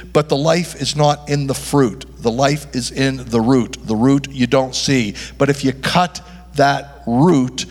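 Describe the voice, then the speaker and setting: A male pastor preaches with emphatic drive, pitched somewhat high for a man, throwing rhetorical questions out to his congregation. His voice rings through a long church-hall reverb. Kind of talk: sermon.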